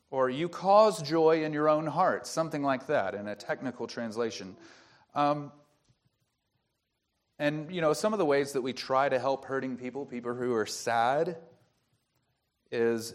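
Man preaching a teaching sermon. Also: medium pitch. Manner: teaching, explains grammar, asks rhetorical questions. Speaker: pastor.

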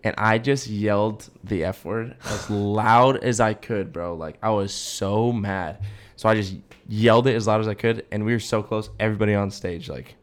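A man's voice: lowish voice, fairly even intonation, moderate pace. A young man co-hosting a casual podcast, telling a long rambling story full of filler words. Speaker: podcast co-host. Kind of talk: casual chat.

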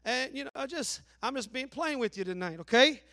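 A man with an Appalachian accent preaching a sermon in a folksy, joking way, swinging between loud preaching and low asides. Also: animated, a little fast. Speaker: pastor.

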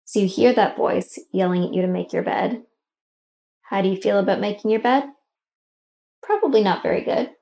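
A woman's voice: mid-range voice, dark tone. A middle-aged woman hosting and guiding a self-help exercise, coaching the listener directly with emphatic, encouraging instructions.

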